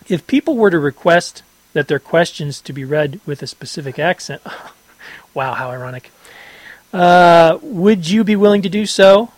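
A man co-hosting a podcast in casual chat, rambling and halting, often laughing. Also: on the high side, expressive, poor audio. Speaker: podcast co-host.

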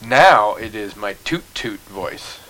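Jokey male podcast co-host, lowish voice, rambling, faint hiss. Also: animated, slow, pushed and bright, rough recording. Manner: rambling, jokey, trails off into mumbles. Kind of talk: casual podcast chat.

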